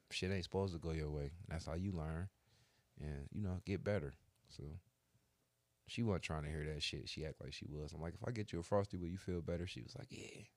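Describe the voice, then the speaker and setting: A man's voice: rumbling low, darkish tone, dry recording. A middle-aged man telling stories in casual, slangy, profane chat. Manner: laid-back storytelling, slangy and profane.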